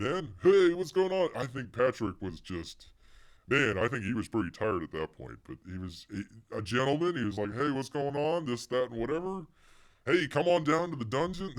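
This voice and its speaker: Animated man on a casual livestream. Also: medium pitch. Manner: talks of himself in the third person, animated and rambling. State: losing his voice. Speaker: livestream host.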